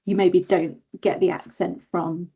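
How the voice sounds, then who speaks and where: A woman's voice: on the low side, flat delivery, measured pace, warm tone, breathy edge, dull audio. A woman with a southern English accent, an author chatting casually as a podcast guest, rambling with many fillers and self-corrections. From southern England.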